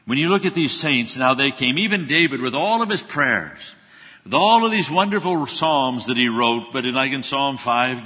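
A man delivers a sermon with a bright, husky voice. He talks earnestly, swelling with intensity and then dropping low and soft for quoted scripture. His voice rings out with a long reverb, as in a large church hall. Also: moderate pace. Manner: earnest, rises in intensity then drops to hushed, humble tones for scripture quotes. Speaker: preacher.

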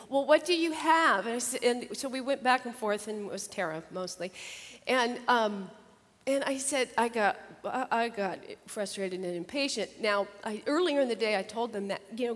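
An older woman, a grandmother, chatting about her grandchildren and then teaching a Bible lesson, animated and laughing as she tells stories. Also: mid-range voice, long reverb tail. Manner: chatty, animated, acts out children's voices with laughter. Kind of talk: casual storytelling and Bible lesson.

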